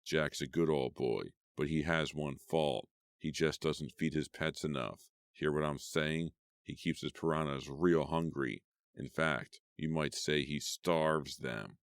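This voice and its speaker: A man voicing a cruel, jovial middle-aged killer who taunts his captives in a low, menacing way. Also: measured pace, vocal fry, no room sound, studio quality, heavily acted. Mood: taunting.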